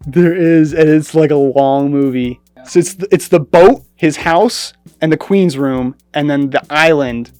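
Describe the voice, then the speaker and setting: A woman chatting sarcastically as a movie reviewer, animated and mocking, with light music behind. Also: low voice, unhurried, hardly any pauses, dry recording. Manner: sarcastic, animated, mimics lines in exaggerated voices. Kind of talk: casual review chat.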